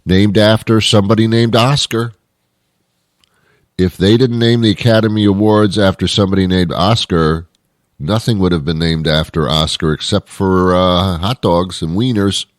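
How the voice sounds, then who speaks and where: Man, deep voice, sarcastic rambling talk-show host, dry close sound. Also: fairly even intonation, normal speed, no room sound. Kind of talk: casual comic monologue.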